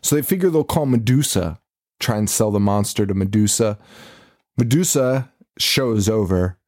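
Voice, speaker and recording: A man's voice: fairly low pitch, normal speed. A man co-hosting a podcast, casually recapping a movie with lots of swearing and laughter. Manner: profane, laughing, animated retelling. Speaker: podcast co-host.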